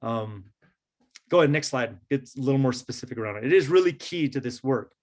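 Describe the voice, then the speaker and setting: A man's voice: mid-range voice, lively intonation, fairly quick, a little mellow. A man leading a workshop for teachers, talking casually and checking in often with "right?". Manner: conversational, many fillers and "right?" check-ins. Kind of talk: casual presentation to educators.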